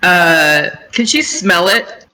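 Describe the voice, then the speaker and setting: A player talks casually through a tabletop game, describing her character's actions in a chatty, lighthearted way. Her voice is bright and forward. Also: mid-range voice, slow pace, a little hiss or hum, rough recording. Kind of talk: casual tabletop role-play.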